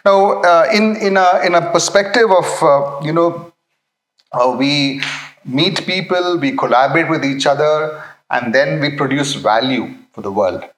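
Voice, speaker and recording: A man giving a Christian talk about work, speaking haltingly and often checking in with his listeners. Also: fairly high pitch, a bit bright, echoey room, low-quality recording. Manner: halting, many fillers and restarts, checks in with "okay". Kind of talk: faith talk with anecdote.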